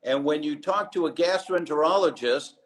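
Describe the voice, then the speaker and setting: Male doctor guest on a live interview call, a bit high-pitched, lively storyteller who voices the people he quotes. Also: moderate pace, low-quality recording. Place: abroad, remote live session.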